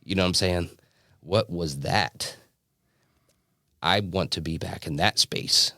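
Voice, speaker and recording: A man giving a personal testimony as a podcast guest, telling his story earnestly with halting restarts and fillers. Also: low voice, steady tone, gravelly, bright, forceful tone, no room sound, clean studio sound. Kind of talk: personal testimony in a casual interview.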